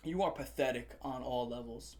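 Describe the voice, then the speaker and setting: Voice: medium pitch, normal speed, a little mellow. Commentary host, angry rant, heavy swearing, repetitive emphasis, casual vlog delivery. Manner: heated, swearing, repeats phrases for emphasis.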